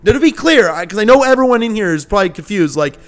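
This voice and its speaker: A man's voice: high voice, expressive, fast talker, faint music behind. A young man giving an exasperated, rambling film review in a ranting video. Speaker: movie reviewer.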